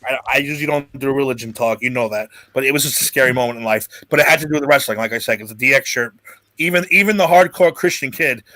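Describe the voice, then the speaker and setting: A man's voice: medium pitch, fast, pushed and bright, no echo. A man hosting a casual podcast chat, telling a long rambling story with restarts and swearing. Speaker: podcast host.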